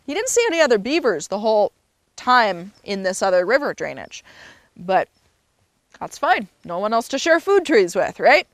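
A woman's voice: mid-range voice, big pitch swings, normal speed, dry recording. Woman telling a tale aloud, dry sound. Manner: loose and unscripted, with fillers and self-corrections. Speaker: storyteller. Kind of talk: casual spoken storytelling.

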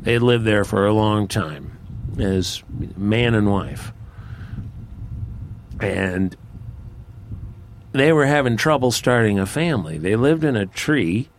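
Guy telling a folksy story, low voice, takes his time, faint hiss behind. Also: takes it slowly, long pauses. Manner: relaxed, conversational, folksy.

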